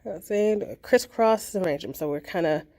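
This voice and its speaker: A woman's voice: medium pitch, moderate pace, warm tone. Chatty woman teaching a kids' craft. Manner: chatty and encouraging, with many fillers. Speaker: children's librarian hosting a craft video. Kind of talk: casual craft tutorial.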